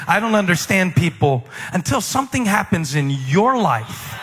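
A man preaching a sermon to a gathered congregation, animated, slipping into mocking, self-assured voices and rising to near shouts. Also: fairly high pitch, normal speed, hardly any pauses, crowd noise, background noise. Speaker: pastor. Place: large hall with an audience. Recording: echoey hall, faint room ambience.

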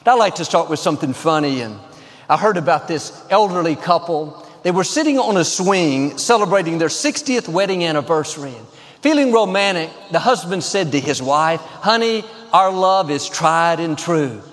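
High-voiced man preaching in a big hall. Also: expressive, fairly quick. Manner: upbeat, emphatic preaching with a joke. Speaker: pastor. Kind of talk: sermon.

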